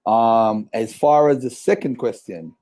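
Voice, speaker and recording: A male host runs a call-in show, joking and lively as he greets callers and slower and measured when he answers. His voice is mellow and warm, at an ordinary pitch for a man. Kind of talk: live-stream call-in talk.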